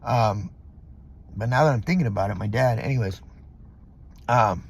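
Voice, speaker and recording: A middle-aged Southern California vlogger vents in a rambling, profane monologue packed with fillers, recorded in a parking lot. His lowish voice moves at a moderate pace, with vocal fry and a breathy edge.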